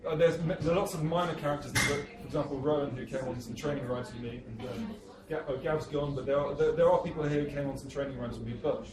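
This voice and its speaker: A man's voice: fairly high pitch, fairly even intonation, fast talker. English guy reading his book in a busy cafe, sounds far off and roomy. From England. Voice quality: self-deprecating, rambling. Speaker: author. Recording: echoey cafe, distant mic, crowd.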